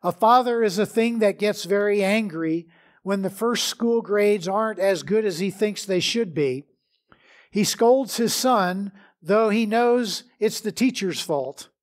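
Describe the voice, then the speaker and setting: A middle-aged man, a pastor, preaching a measured sermon with prayer and scripture reading. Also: sits high.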